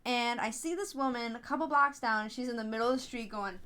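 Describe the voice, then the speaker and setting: A woman telling stories in a casual podcast interview, chatty and animated, with frequent fillers and restarts. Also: fast, slight background noise. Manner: animated storytelling, acts out others in high voices. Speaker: podcast host, app founder being interviewed.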